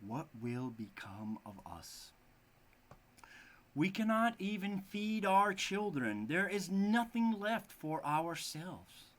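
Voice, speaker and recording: A man voicing a poor, gentle father in a storybook reading, anguished and pleading. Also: high voice, sing-song, takes it slowly, voice pushed up, heavily acted. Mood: despairing.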